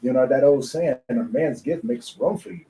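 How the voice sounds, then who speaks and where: A man of middle pitch with an extremely dark, mellow voice hosts a podcast, musing casually and leaning on fillers. The sound is roomy, with faint ambience behind him. He turns his thoughts into questions for his guest. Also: normal speed, slight background noise. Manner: reflective, filler-heavy, asks questions. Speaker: podcast host. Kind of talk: casual interview chat.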